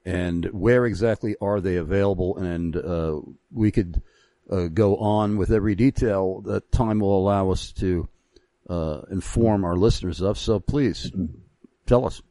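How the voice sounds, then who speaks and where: A man hosting a Christian radio interview show, reading an ad and then questioning his guest with measured, halting phrasing. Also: deep voice, mellow, dry recording.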